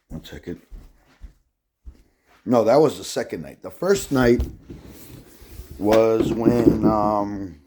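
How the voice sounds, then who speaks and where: Man, lowish voice, agitated, profane, rambling, casual vlog monologue. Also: a little mellow, slight background noise. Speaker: vlogger.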